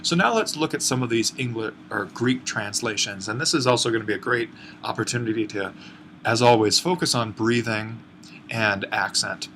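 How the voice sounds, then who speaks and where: Man, online grammar lesson, step-by-step explaining, bright tone, faint hiss. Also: on the low side, normal speed. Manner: explains step by step, thinking aloud with fillers and self-corrections. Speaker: Greek teacher.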